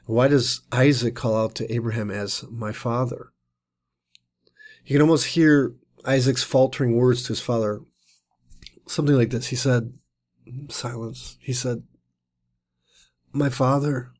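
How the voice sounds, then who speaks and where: A man's voice: mid-range voice, fairly even intonation, a little slow, pauses often, a little mellow. A man giving an earnest Bible teaching, explaining the text at length and often restarting his phrases. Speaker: Messianic teacher.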